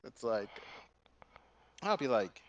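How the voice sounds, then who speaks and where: Young male host, casual profane storyteller, high bright voice. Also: moderate pace, lo-fi sound. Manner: animated, profane, acts out both sides of arguments. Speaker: gaming and art channel host.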